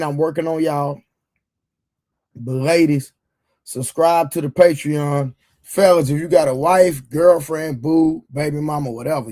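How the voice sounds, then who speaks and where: A man with a hoarse voice hosting a livestream, chatting loosely with viewers in slangy banter full of repeated fillers. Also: fairly high pitch, a little mellow. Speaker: livestream show host. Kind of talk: casual livestream chat with viewers.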